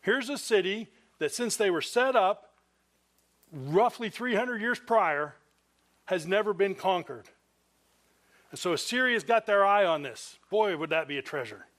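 High-voiced man preaching a sermon. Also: lively intonation, measured pace, a bit bright. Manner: earnest, conversational preaching with dramatized quotes. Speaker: pastor.

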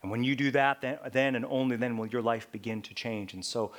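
A man preaching a sermon, swinging from loud, emphatic lines to hushed whispers and repeating key points. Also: medium pitch, fairly quick, hardly any pauses.

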